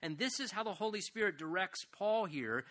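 A pastor preaching an earnest sermon, slowing down to stretch key phrases and letting his voice rise and fall widely. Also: high-pitched, animated, bright, forceful tone.

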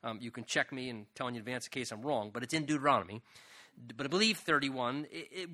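Bright-voiced male preacher teaching. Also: on the high side. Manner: earnest, explains verse by verse, builds to emphatic appeals. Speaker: pastor. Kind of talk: expository sermon on a psalm.

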